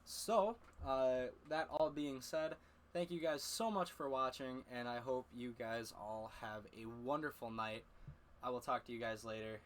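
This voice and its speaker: A man's voice: medium pitch, unhurried, a little hiss or hum. A man hosting a home music livestream, talking in a loose, rambling way with lots of fillers. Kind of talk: casual livestream chat. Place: home room.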